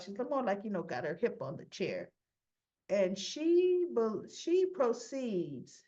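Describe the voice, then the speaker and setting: A woman recaps a daytime soap episode in an unhurried, chatty way, slipping into the characters' lines as she retells each scene. Her recording sounds muffled and lo-fi. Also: mid-range voice, a little mellow. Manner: retells scenes by quoting characters in lightly acted voices. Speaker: soap opera recap host.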